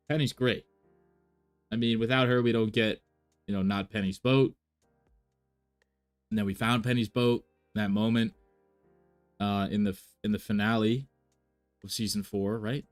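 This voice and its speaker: A man chatting casually on a live stream, thinking aloud with many fillers and restarts. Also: on the low side. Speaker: reaction streamer.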